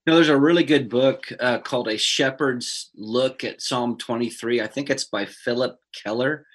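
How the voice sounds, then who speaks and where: Earnest pastor sharing personal reflections. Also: male voice, medium pitch, moderate pace, slightly rough. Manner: earnest, personal, with fillers and restarts. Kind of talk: conversational Bible discussion.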